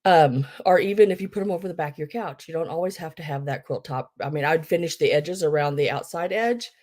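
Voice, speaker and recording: A middle-aged woman runs a casual live-stream sale in a somewhat low voice. She chats easily, greets viewers by name, and fills her talk with ums and restarts as she explains how the bidding works. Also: fast talker, a little mellow. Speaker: online live-sale seller.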